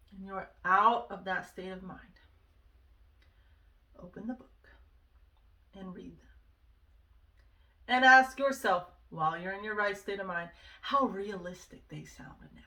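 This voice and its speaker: A woman's voice: on the high side, pushed and bright, recorded from a distance. A woman talking earnestly and casually to the camera, giving personal advice on overthinking, often asking "right?". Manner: earnest and conversational, many asides and "right?". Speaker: vlogger sharing self-help advice.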